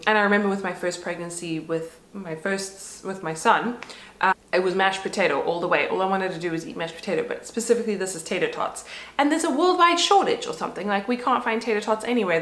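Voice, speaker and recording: A woman's voice: mid-range voice, a bit bright. A woman vlogger and mother with a congested nose, chatting casually and rambling with lots of fillers. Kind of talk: casual chat to camera. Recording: roomy echo.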